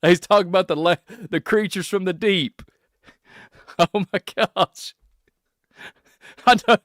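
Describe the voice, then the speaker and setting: A man from Kentucky with a Southern accent, hosting a rambling solo podcast, excitable and laughing often as he jumps between topics. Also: high-pitched, measured pace, no echo, clean studio sound. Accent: Kentucky Southern American. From Kentucky, USA. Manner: excitable, laughing, puts on silly voices. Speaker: podcast host.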